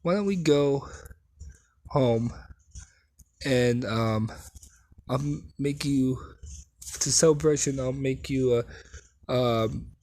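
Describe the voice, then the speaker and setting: A man voicing a gentle, caring middle-aged mother in a homemade fan story, speaking softly and encouragingly. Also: mid-range voice, slow, long pauses, no echo, lightly acted. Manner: soft, encouraging.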